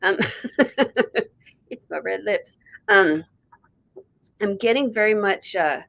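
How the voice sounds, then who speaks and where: A woman's voice: mid-range voice, animated, slow, gravelly, fairly bright tone, dry recording, rough recording. A woman doing an intuitive reading on a live stream, talking in a rambling, conversational way straight to the viewer. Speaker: intuitive reader. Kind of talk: live online reading session.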